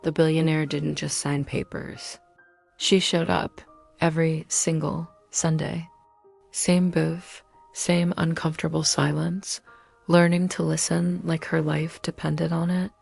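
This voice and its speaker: A woman's voice: deep voice, level tone, unhurried, vocal fry, a little mellow, faint music behind. A woman narrating a scripted dramatic story in punchy short sentences.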